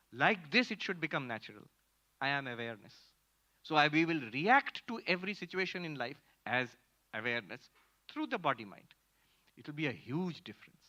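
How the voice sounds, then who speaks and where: Animated monk lecturing. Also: male voice, a little high. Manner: animated, emphatic, pauses to repeat key phrases. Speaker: monk teaching Vedanta. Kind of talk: spiritual lecture with audience Q&A. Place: lecture hall with audience. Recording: muffled lo-fi lecture recording.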